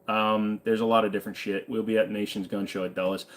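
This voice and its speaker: A man hosting a livestream late at night who sounds tired, with a voice that sits a little low. His talk is casual and chatty. He reads viewer comments out loud and answers each one in a relaxed way. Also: fast talker. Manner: laid-back, chatty, reads comments aloud and answers them. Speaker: livestream host.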